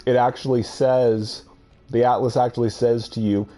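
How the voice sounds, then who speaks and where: A man's voice: medium pitch, flat delivery, normal speed, warm tone. A man giving musing, hesitant commentary over his own space exploration gameplay, trailing off and restarting his thoughts. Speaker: game video host.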